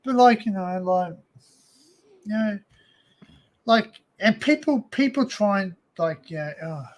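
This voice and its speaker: Australian man, fairly high voice, casual live-stream chat, rambling and filler-heavy, desk mic at home. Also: expressive, takes it slowly. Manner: rambling, full of "you know" and "like". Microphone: desk microphone.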